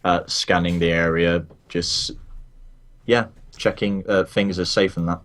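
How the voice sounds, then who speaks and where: A man running a tabletop game as game master, talking haltingly with many ums and restarts. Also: low voice, steady tone, a bit bright.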